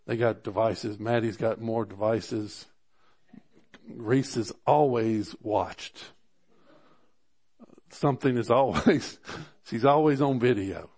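A man preaching a sermon, animated and rising in pitch for emphasis, often restarting his phrases. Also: takes it slowly, pauses often, breathy edge. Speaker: pastor.

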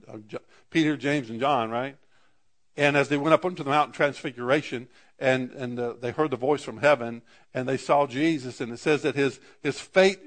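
A man preaching a sermon as pastor, often restarting words and building to emphatic declarations. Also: a little high.

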